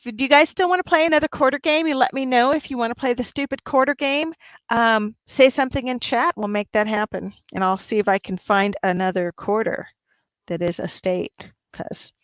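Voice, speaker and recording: Woman host, fairly high voice, dry close sound, chatty and upbeat with chat. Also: dry recording. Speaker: livestream host. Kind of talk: casual livestream chat.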